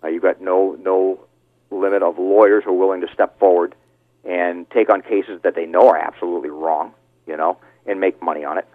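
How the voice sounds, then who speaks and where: An impassioned, indignant middle-aged man calls in, his voice lowish and dry. It comes through a tinny phone line. He stumbles over restarts and fillers as he presses his points. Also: fairly even intonation, fairly quick, dry recording. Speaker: call-in guest, father of a fallen Marine. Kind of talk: heated phone interview.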